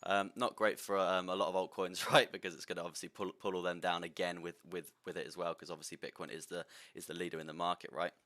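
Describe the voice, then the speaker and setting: A young man runs through trading charts on a live stream at a quick clip. His voice sits low but comes across bright and forward. He stumbles and repeats words, tagging his points with "right?". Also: flat delivery. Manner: halting, repeats words, keeps adding "right?". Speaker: crypto streamer.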